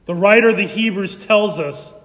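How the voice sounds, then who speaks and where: A man preaching a sermon as pastor, animated and emphatic. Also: sits high, normal speed, big-room sound.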